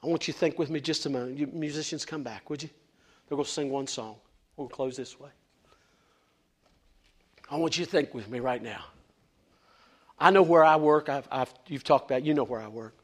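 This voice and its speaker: A middle-aged man preaching a sermon, fervent and emphatic, now and then stumbling over his words. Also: fairly high pitch. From West Virginia, USA. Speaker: lay preacher.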